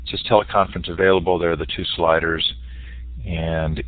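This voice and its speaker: A man with a very deep voice moderates a webinar and talks a presenter through settings in a calm, instructive way. The sound is dry and tinny, like a phone line. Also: a little fast, no room sound. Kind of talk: technical guidance on a web call. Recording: tinny phone-like web call.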